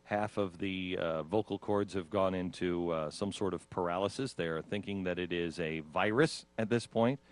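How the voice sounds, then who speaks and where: A man's voice: deep voice, normal speed, hardly any pauses. A man hosting a radio talk show, casually telling of his own ordeal and acting out his own panicked reactions with laughs. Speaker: radio host.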